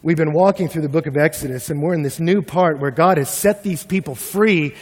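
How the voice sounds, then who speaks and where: High-voiced man preaching in a reverberant hall. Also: fairly quick. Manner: animated storytelling, acts out his own panic. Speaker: pastor. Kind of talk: sermon with personal story.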